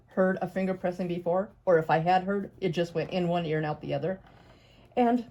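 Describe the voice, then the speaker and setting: A woman's voice: fairly low pitch, dark tone. A woman chatting casually as she sews a quilt, rambling and talking to her cat, tearful at times. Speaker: quilting vlogger. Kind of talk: casual chat while sewing.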